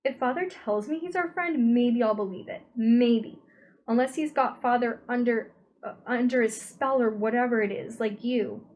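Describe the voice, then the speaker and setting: A woman's voice: a little high, moderate pace, darkish tone, natural voice. Woman voicing a frantic, defiant young girl. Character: frightened, defiant girl, raising her voice.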